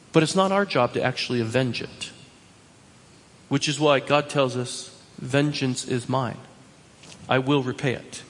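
A man preaching a sermon, animated and emphatic, often repeating his points. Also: on the high side, breathy edge, big-room sound. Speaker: pastor.

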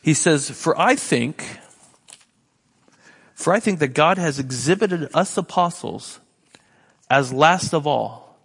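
A man preaching a sermon in a church, his voice set a little high, gravelly and husky. He delivers it with an animated, sarcastic edge and keeps repeating words as he goes. The sound carries a long hall reverb. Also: takes it slowly, pauses often. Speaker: pastor.

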